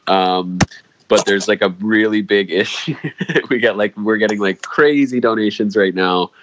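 Hesitant low-voiced man, noisy line. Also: moderate pace, dull audio. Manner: hesitant, lots of "um" and "uh". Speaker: guest. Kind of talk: casual chat.

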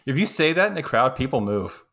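A man's voice: medium pitch, very animated, brisk, vocal fry, a bit bright. A man co-hosting a podcast, chiming in with joking side remarks about a film. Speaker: podcast co-host. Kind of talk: casual movie recap chat.

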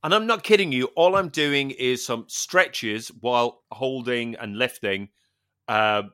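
Here the podcast co-host's voice sits at medium pitch, a little slow and a bit bright, clear and resonant. He recounts an anecdote in a casual chat, voicing the people's lines himself and dropping casual swears.

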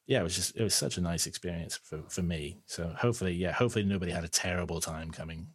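A man with a deep, slightly breathy voice talks on a band podcast. He rambles enthusiastically, stopping and restarting his sentences. The sound is dry and close to the mic. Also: fast talker, no echo. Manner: hesitant, full of restarts and fillers, enthusiastic. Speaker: band member who recorded and mixed the EP.

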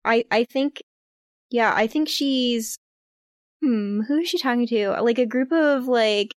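A woman's voice: on the high side, unhurried, dry recording, studio quality. A woman playing a tabletop game, talking casually and rambling with many fillers. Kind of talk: casual actual-play chat.

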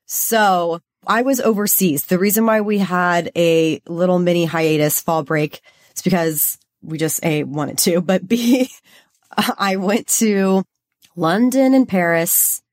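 A young woman from Los Angeles co-hosts a podcast in casual chat, her voice fairly low-pitched and slow. She's bubbly and chatty, saying "like" a lot.

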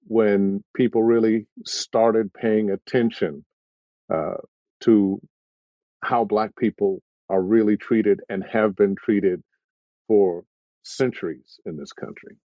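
A man speaking as a voice actor on a video-call panel, measured and thoughtful, pausing often. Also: fairly low pitch, no room sound, dull audio. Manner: measured, thoughtful, with frequent pauses.

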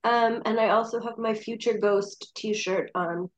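A woman with the flu joins a podcast as co-host in casual chat, hesitant and filling pauses with ums. Her voice sits slightly high, and it comes through a dull, lo-fi remote mic. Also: steady tone. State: has the flu.

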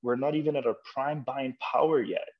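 A man's voice: medium pitch, brisk. Emphatic male start-up founder, persuasive. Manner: emphatic, persuasive storytelling with rhetorical questions. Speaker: start-up co-founder and executive, interview guest. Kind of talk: conversational interview. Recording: slightly muffled, lo-fi podcast audio.

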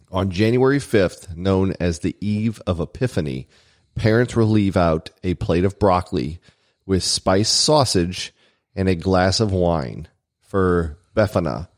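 A man with a very low voice reads holiday trivia to his co-hosts, cutting in with deadpan asides. The sound is dry and close to the mic. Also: no echo. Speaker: podcast co-host. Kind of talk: reading trivia aloud with joking asides.

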